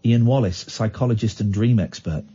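A man's voice: lowish voice, fairly quick, warm tone, slightly rough. A man hosting a casual radio chat show, teasing and sarcastic, telling stories with lots of animation. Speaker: radio host. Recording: dull lo-fi radio sound.

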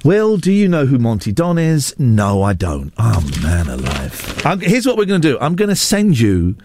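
A man's voice: mid-range voice, wildly swooping pitch, darkish tone, a little hiss or hum. A man presenting a radio show in casual banter, teasing his co-hosts and a caller with a playful, joking manner. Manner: teasing, playful, quick to joke.

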